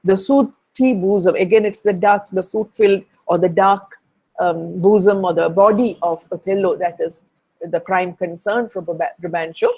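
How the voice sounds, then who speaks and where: A woman's voice: on the low side, steady tone, normal speed, a little mellow, slightly rough, poor audio. A woman giving a literature lesson, explaining a play and reading out quoted lines, with frequent hesitations and fillers. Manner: hesitant, many fillers and restarts. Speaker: literature teacher.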